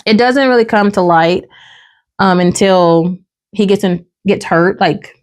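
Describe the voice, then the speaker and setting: A woman's voice: medium pitch, a little slow. A woman hosting a podcast, casually recapping a drama and acting out the characters' lines. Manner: animated storytelling, acts out characters' lines. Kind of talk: casual chat.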